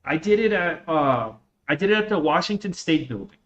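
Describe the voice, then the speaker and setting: A relaxed streamer in his twenties, a man from Russia, rambling through casual talk while he plays. His voice sits a little high for a man. It comes through a dull, low-fidelity microphone. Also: brisk. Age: 20s. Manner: relaxed, rambling, heavy use of "like" and "dude". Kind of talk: casual chat while gaming.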